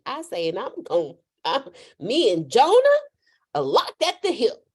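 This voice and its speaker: Lively, laughing woman host. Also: on the high side, normal speed, breathy edge. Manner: animated, laughing, preacherly storytelling. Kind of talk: casual faith chat on a live call.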